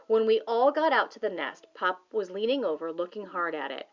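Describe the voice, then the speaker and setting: A woman narrating a children's novel as an audiobook reader, in a plain, steady manner. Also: mid-range voice, brisk. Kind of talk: scripted narration. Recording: slightly dull audio.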